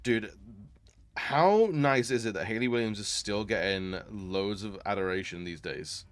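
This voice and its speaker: A man's voice: lowish voice, unhurried, dry recording. Chatty male streamer. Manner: chatty, laughing, greets chat warmly, many fillers. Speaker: variety streamer. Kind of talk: casual live-stream chat.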